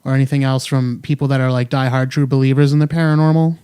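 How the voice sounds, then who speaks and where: A man's voice: mid-range voice, fairly even intonation, fast, mellow, clean tone, no echo, studio quality. A young man hosting a podcast in casual chat, joking and rambling with many fillers. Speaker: podcast host. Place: home room.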